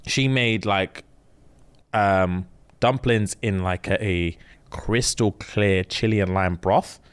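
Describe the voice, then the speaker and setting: A young man, co-hosting a podcast and telling a story in a lively, slang-filled way, acting out other people's lines. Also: deep voice, slow pace, clean tone. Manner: animated retelling with quoted voices and London slang. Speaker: podcast co-host. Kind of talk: casual chat, storytelling.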